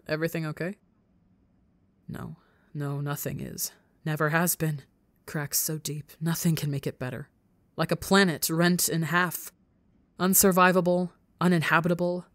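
Low-voiced woman narrating intensely. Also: no room sound. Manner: intense, emotional reading. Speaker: podcast narrator. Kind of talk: audiobook narration of fan fiction.

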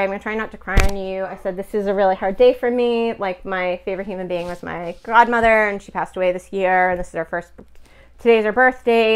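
A middle-aged woman talking casually about something personal, her voice smooth and clear. She rambles a little, with fillers and acted-out bits of dialogue, and sounds close to tears at times. Recorded at home. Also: medium pitch, fairly bright tone. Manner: emotional, chatty, many fillers and quoted dialogue. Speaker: spiritual healer telling a personal story.

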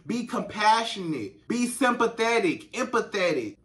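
High bright-voiced man giving relationship advice. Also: big pitch swings, a little slow, recorded from a distance. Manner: emphatic and conversational, speaks straight to women, repeats phrases. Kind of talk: direct-to-camera advice vlog.

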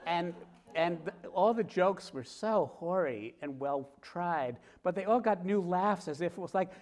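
A middle-aged author talking with a host before a live theater audience, telling stories in a lively way and acting out scenes. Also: male voice, high voice, measured pace. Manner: lively, acts out scenes with sounds and quoted voices. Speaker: author guest. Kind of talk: animated storytelling in conversation.

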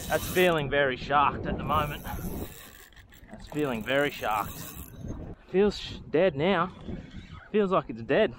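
An Australian man on a small boat at sea, giving excitable running commentary while fishing, swearing, laughing and talking to the fish. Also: sits high, a little hiss or hum. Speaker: fishing vlogger.

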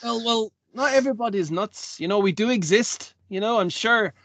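A man's voice: high-pitched, fairly quick, fairly bright tone, no room sound. A man voicing a sociable, secretive male dwarf traveller who talks hesitantly and stumbles over his words. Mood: chatty.

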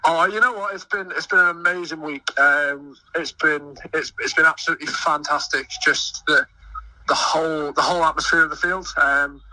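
A young man who sings in a choir and volunteers at a festival, talking excitedly in a radio interview and often stumbling over his words. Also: fairly high pitch, moderate pace, dry recording, distant mic, poor audio. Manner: eager, stumbling restarts. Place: busy outdoor festival field.

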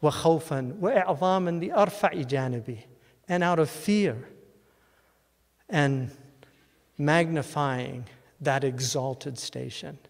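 A man giving a lecture as a college president, reciting verse in a measured, solemn way. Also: on the high side, gravelly. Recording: long hall reverb.

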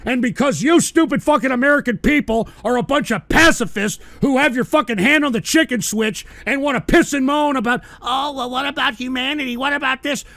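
A man hosting a call-in stream, ranting angrily and profanely, shouting in bursts. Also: very high voice, gravelly, no room sound. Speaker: radio show host.

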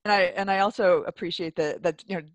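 A speaker in a casual church discussion, earnest and halting, often restarting sentences, heard over a video call. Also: medium pitch, fairly even intonation, no echo.

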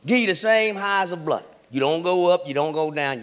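Brash high-voiced male stand-up comic. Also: animated, a little fast, hardly any pauses. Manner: brash, profane, loud punchlines. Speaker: stand-up comedian. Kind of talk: stand-up comedy set. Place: live comedy stage before an audience. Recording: live show with crowd and noise.

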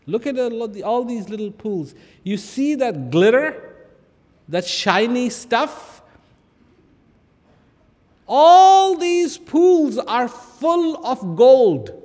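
A man voicing a calm wise old man who patiently points things out and instructs, inside a reverberant hall. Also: very high voice, very slow, pauses often, voice pushed up, heavily acted. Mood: urging. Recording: long reverb of a large hall.

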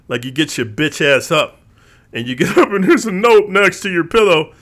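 A man hosts his own show and rants straight to his viewers, swearing freely and dropping "bro" at every turn. His voice is bright and forward, and he keeps slipping into mimicked voices of the people he complains about. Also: fairly high pitch, moderate pace. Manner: profane, streetwise, says bro a lot; lively, mimics others in quoted voices. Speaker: channel host. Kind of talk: ranting monologue to viewers.

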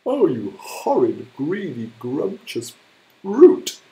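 Indignant hippo for a read-aloud, high-pitched and loud, done by a man. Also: wildly swooping pitch, slow pace, echoey room, full character voice, low-quality recording. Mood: shocked. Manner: loud, shocked outbursts.

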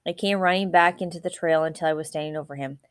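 A woman reading a novel aloud in a steady, even storytelling manner. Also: low-pitched, fast talker, no room sound. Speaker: audiobook reader.

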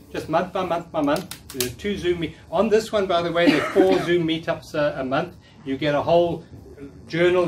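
Man coaching an audience from afar. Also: fairly high pitch. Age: 50s. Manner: warm, coaching, repeats key phrases. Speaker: workshop speaker. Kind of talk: live talk to an audience. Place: meeting room with audience. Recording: distant room mic with faint noise.

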